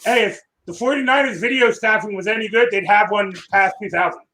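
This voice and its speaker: Man near forty, high-pitched, sarcastic and swearing, sports talk on a call. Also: brisk, bright, forceful tone, low-quality recording. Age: 30s. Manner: dry, sarcastic, profane. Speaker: co-host. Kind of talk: casual sports podcast banter. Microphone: remote call.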